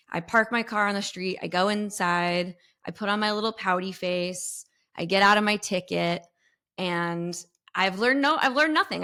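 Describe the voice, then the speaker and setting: Animated female storyteller. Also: mid-range voice. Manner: animated, expressive, sings sound effects. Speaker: podcast guest, intuitive mentor. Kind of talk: storytelling in an interview.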